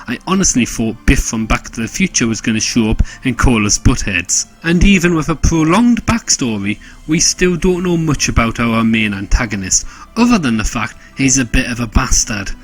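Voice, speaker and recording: Sarcastic husky man. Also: medium pitch. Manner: sarcastic, joke-heavy. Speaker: game reviewer. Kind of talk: scripted comedic review narration.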